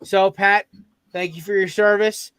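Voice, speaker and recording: A man's voice: sits high, flat delivery, a little slow, a bit bright, clear, resonant tone, no echo. A man hosting a sports podcast, casually picking games with profane, fired-up rants. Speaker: podcast host. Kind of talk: casual sports betting chat.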